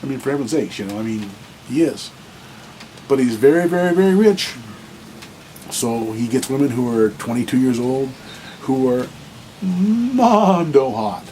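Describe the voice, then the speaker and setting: A blunt man giving dating advice in a loose, unscripted monologue, with a voice of ordinary middle pitch. He rambles and often restarts his sentences, stumbling over repeated words as he goes. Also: moderate pace, mellow, a little hiss or hum, poor audio. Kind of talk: casual monologue to camera.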